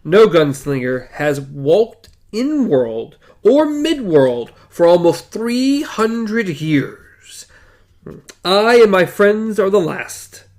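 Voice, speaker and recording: A man voicing a booming, playful male train machine in a read-aloud book discussion, speaking slowly and deliberately. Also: big pitch swings, a little mellow, full character voice. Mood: grand.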